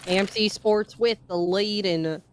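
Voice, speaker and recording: A woman's voice: mid-range voice, measured pace. A woman giving color commentary on a competitive shooter match with playful, teasing banter. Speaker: esports co-caster. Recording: noisy, with game gunfire behind. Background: game gunfire and clicks.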